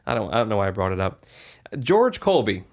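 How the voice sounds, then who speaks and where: A man's voice: lowish voice, very animated, a little fast, vocal fry. A man co-hosting a comedy podcast, telling a story in a rambling, jokey way with plenty of filler words. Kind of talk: casual comedic podcast chat.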